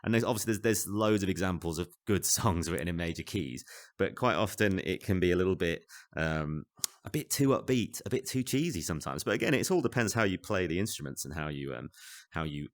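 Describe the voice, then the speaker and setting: A man's voice: low-pitched, lively intonation, a little fast. A man hosts a casual tutorial for a VR music app at home. He talks into a desk microphone in a chatty, rambling, self-deprecating way, with many asides.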